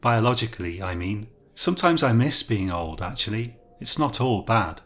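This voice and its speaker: A man's voice: on the low side, expressive, moderate pace, a bit bright. A man voicing a friendly, teasing young woman in a storybook reading. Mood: chatty. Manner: breezy, teasing.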